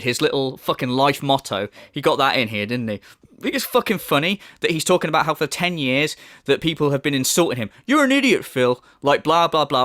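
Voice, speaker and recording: A man's voice: medium pitch, fairly bright tone, no room sound, studio quality. A man hosting a reaction commentary, mocking and swearing with heavy sarcasm. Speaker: commentary channel host.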